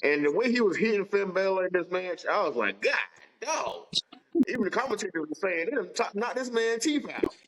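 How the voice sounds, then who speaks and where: High-voiced man in animated wrestling banter. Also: fast talker, few pauses, noisy background. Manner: animated, drawling Southern slang, retells his own reactions. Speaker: podcast co-host. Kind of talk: casual wrestling chat.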